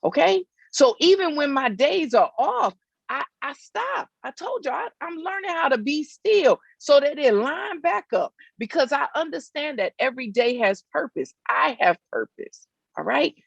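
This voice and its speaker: A woman's voice: high-pitched, sing-song, moderate pace, vocal fry, no room sound, lo-fi sound. A woman giving a faith-based motivational talk outdoors, emphatic and repetitive, often checking in with her listeners. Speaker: motivational speaker. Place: outdoors in hot weather.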